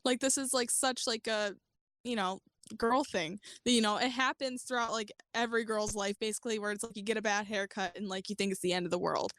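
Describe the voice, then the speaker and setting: A woman guest on a casual film review podcast, relaxed and filling her speech with "like". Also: mid-range voice, fairly quick.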